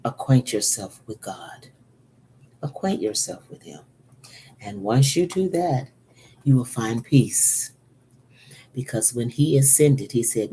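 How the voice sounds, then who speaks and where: A woman's voice: very deep voice, expressive, takes it slowly, long pauses, warm tone, slight background noise. A woman preaching a sermon, earnest and repeating key phrases for emphasis. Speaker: pastor.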